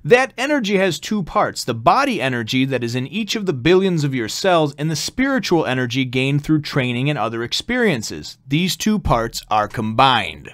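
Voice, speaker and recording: A smug young girl ninja student, lecturing in a textbook way, as a man puts her on. Her voice swoops up and down with lively pitch. The sound is dry and close, with no room around it. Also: moderate pace, hardly any pauses, no echo. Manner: lecturing, textbook-style explanation. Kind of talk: comic read-aloud of a comic-book lesson.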